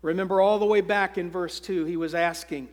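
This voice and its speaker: A pastor preaching a sermon in an earnest, deliberate way. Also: male voice, high voice, fairly even intonation, big-room sound.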